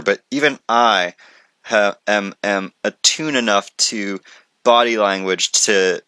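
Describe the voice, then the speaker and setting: A man commenting excitedly on a conference video, rambling with many restarts and jokes. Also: on the low side, dry recording.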